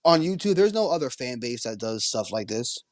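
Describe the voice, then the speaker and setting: A man's voice: mid-range voice, big pitch swings, normal speed, no echo. New guy cohosting a late night fan podcast, slangy, stammers a lot, dry mic. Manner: rambling, stutters, slangy. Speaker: podcast co-host. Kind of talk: casual late-night livestream chat.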